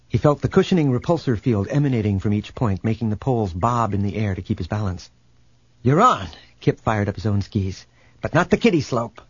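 A man reading a novel aloud as a narrator, in steady, measured storytelling. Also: mid-range voice, slightly rough, no room sound. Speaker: audiobook narrator. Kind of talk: scripted narration. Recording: dull, slightly lo-fi.

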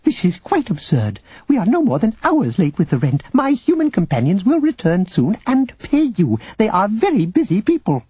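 Fussy, prim droid, done by a male narrator; sing-song pitch, dark and breathy tone. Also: wildly swooping pitch, normal speed, few pauses, no echo, highs cut off, full character voice. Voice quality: prissy, fussy.

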